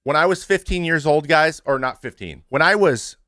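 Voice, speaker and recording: A man in his thirties, a former pitcher hosting his show, speaking frankly and casually to his stream audience, with swearing and many restarts. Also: lively intonation, moderate pace, bright, forceful tone, no echo, studio quality.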